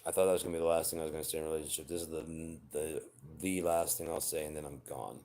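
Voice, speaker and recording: Deep voiced guy in his 40s, blunt and sweary but earnest, just talking to camera. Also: little pitch movement, rapid-fire, dark tone. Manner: blunt and profane, earnest advice. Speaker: vlogger. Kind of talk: unscripted personal monologue.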